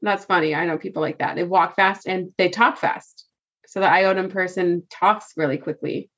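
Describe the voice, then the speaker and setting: A woman co-hosts a podcast in casual chat, talking freely, thinking aloud and laughing easily. Her voice sits on the low side with fairly even intonation, a moderate pace and a fairly bright tone. The recording has a slightly dull, lo-fi quality.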